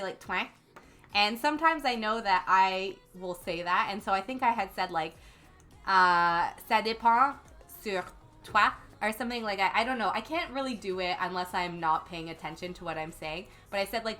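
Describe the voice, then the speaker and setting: A woman's voice: mid-range voice, bright, forceful tone. A young woman hosting a casual gaming livestream, chatting and reading viewer comments aloud with lots of ums. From Canada. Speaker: livestream host.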